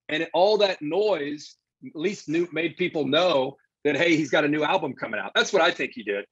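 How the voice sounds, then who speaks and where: A man telling a lively story as a guest in a casual interview, acting out the quotes he tells. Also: a little high, moderate pace, breathy edge, dry recording, highs cut off. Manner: animated anecdote-teller, acts out quotes. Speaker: sports broadcaster guest.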